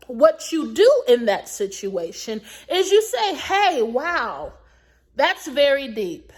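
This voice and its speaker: Slow, emphatic high-voiced woman giving advice. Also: big pitch swings. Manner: emphatic, preachy, repeats points slowly for emphasis. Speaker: recap vlogger. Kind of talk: advice-giving recap commentary.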